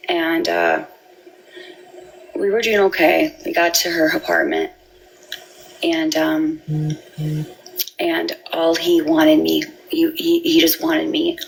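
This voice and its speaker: Low, gravelly woman telling her story. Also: lively intonation, rough recording. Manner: halting, repeats words and restarts. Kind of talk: emotional personal account.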